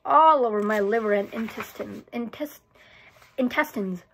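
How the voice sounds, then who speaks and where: Woman doing a high, whiny, dramatic little girl. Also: moderate pace, gravelly, slight background noise. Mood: boastful. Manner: whiny and theatrical. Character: dramatic, fussy young girl.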